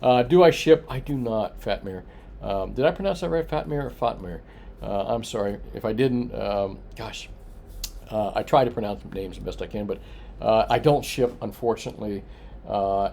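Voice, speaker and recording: A lower-voiced man rambles casually through an evening report, stuffing his talk with "uh"s as he reads out viewer comments. There is a faint background hum behind him. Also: a little mellow. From Florida. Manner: chatty, rambling, full of filler "uh"s, answers viewer comments. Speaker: coin shop owner hosting a price report. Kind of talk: casual evening livestream chat.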